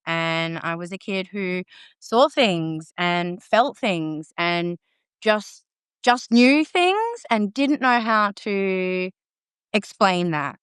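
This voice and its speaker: A woman's voice: medium pitch, a bit bright, smooth, dry recording, studio quality. A woman guest on a podcast, talking in casual chat, confident, emphatic and playful. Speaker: podcast guest, green witch.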